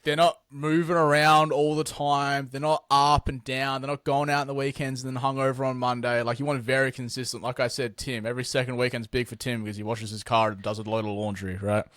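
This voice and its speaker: A man's voice: medium pitch, no echo, studio quality. A man, a business owner guest, telling blunt, sweary stories in a casual interview. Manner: blunt, sweary, animated storytelling.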